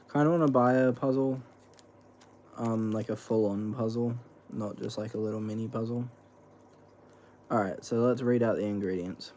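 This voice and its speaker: A man's voice: medium pitch, warm tone, slight background noise. A young man, chatting casually in a rambling, slangy vlog while snacking, swearing freely. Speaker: vlogger. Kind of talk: casual eating vlog chat.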